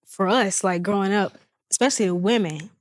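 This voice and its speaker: A woman hosts an interview, affirming and conversational in tone. Her pitch sits in the middle range. The recording is dry and close. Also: a little fast, dry recording. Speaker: interview host.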